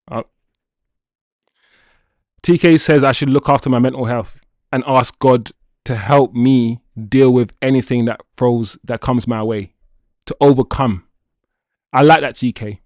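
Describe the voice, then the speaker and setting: A man hosts a football livestream with a medium-pitched voice, a measured pace, and long pauses, recorded in clean studio sound with no echo. He's animated and playful, chatting casually with viewers, reading their comments aloud, and speaking straight to chat.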